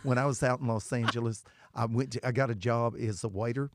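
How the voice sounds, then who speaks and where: An actor playing a Tennessee man fed up with waiting tables, speaking in a Tennessee accent with drawn-out S sounds. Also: medium pitch, fairly even intonation, background noise, lightly acted. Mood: exasperated.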